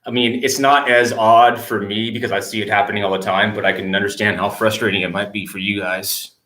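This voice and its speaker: A man's voice: on the low side, flat delivery, a little fast, bright, forceful tone, slight background noise. A man making polite real estate cold calls and explaining his method in an easygoing way. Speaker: real estate appointment setter. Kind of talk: cold-call demo with commentary. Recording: roomy echo.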